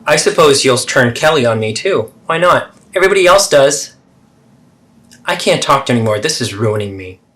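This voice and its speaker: A man's voice: medium pitch, lively intonation, normal speed, bright, forceful tone. Man doing a dramatic, defensive mother. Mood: self-pitying. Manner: dramatic, deflecting, swings between hurt and indignant. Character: defensive, self-pitying middle-aged mother. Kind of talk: therapy role-play.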